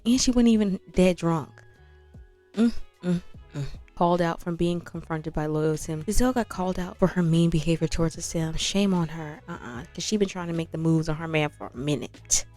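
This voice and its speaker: A young woman chats through her life-sim game in loose, slangy commentary. Her voice sits a bit low and relaxed in tone. Faint music plays in the background. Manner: chatty, slangy, narrates and voices sims. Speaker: gaming channel host. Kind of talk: casual let's-play commentary.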